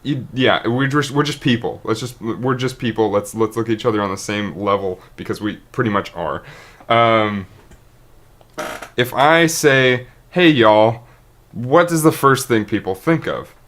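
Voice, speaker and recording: A man's voice: medium pitch, normal speed, a bit bright. Rambling, earnest male streamer. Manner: rambling, earnest, restarts and trips over words. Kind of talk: unscripted monologue to camera.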